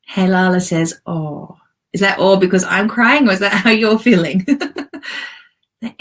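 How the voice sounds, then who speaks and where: A middle-aged woman coaching a live group video call, guiding a visualization softly and gently, tearful and pausing often. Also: mid-range voice, breathy edge, poor audio.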